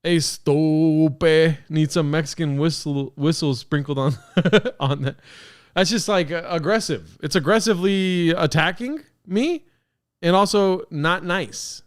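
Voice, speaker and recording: A young man hosting a podcast, reacting to fan-made songs with excitable, profane joking. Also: a little high, measured pace. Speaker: podcast host.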